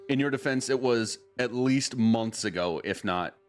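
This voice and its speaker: A man acting as game master, casually and patiently explaining what the players know, laughing often. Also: medium pitch. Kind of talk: casual chat among players.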